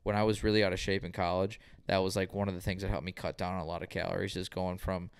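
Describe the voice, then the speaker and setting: A young man, a podcast guest, chatting in a relaxed, easygoing way. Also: deep voice, fast, clear, resonant tone. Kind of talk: casual podcast chat.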